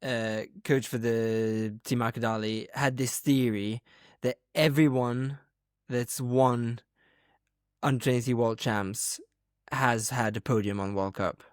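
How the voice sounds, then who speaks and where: A man's voice: medium pitch, steady tone, slow, no room sound, studio quality. A man co-hosting a podcast in casual chat, talking in a rambling, hesitant way with lots of fillers. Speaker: podcast co-host.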